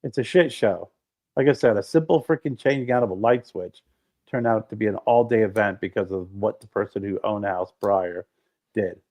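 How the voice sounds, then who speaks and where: A man co-hosting a podcast, telling stories in a casual chat, animated and swearing freely. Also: on the low side, moderate pace. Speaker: podcast co-host. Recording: dull lo-fi sound.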